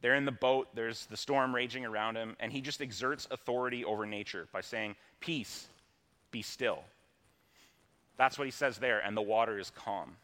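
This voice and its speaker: A man's voice: mid-range voice, steady tone, brisk, hardly any pauses, a bit bright. Conversational male pastor preaching. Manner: conversational and plain-spoken, with casual asides. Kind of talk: sermon.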